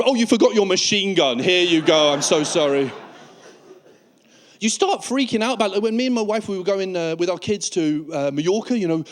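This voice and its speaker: A British man performs stand-up comedy on stage, his voice sitting high and bright. He is animated, tips into squeaky mock panic as he acts out scenes, then drops back to a plain telling tone. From United Kingdom. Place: comedy stage before a live audience.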